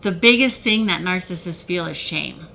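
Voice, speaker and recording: A woman speaks straight to camera in a heated, animated way, her voice bright and forceful. She often slips into mocking imitations of other people. A faint hiss sits under her voice. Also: fairly low pitch, normal speed, creaky, low-quality recording. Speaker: self-help video creator. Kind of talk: emotional direct-to-camera talk.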